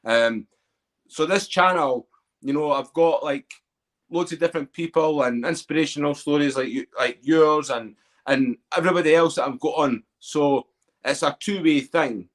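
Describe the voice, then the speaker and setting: A man's voice: a little high, normal speed. Candid man hosting a podcast. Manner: candid, self-questioning, swears. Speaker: podcast host. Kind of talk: casual chat.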